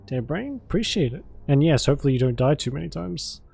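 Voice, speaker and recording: A man's voice: on the high side, big pitch swings, fast talker, gravelly, mellow, faint music behind. A man streaming a video game, chatting and joking casually with his viewers and thanking them. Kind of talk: casual gameplay commentary.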